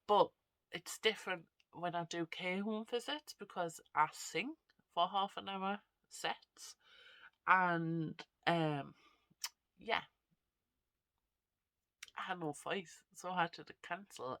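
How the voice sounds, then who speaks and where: Vlogger with a cold, bright tense tone, dry close sound, rambling and self-deprecating. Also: medium pitch, takes it slowly, long pauses, dry recording. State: stuffy nose from a cold. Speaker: vlogger and actor. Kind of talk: casual chat to camera.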